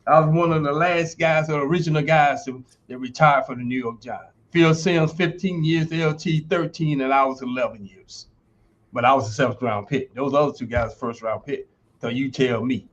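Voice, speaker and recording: A man's voice: mid-range voice, steady tone, normal speed. A man in his sixties, a former football player and university instructor, telling stories emphatically as a podcast guest and acting out quoted dialogue. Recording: dull lo-fi stream audio.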